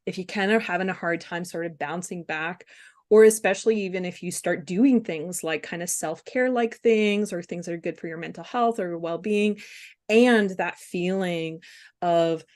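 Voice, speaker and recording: A woman speaking candidly as a webinar guest, halting with fillers and restarts. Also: on the low side, darkish tone. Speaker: guest speaker on compassion fatigue. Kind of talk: casual webinar conversation.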